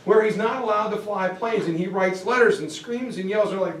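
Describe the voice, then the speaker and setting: A man giving a history lecture as lively storytelling, acting out quoted voices and joking asides. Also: high voice, normal speed, few pauses. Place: classroom or lecture hall. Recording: echoey room, mic far off, faint ambience.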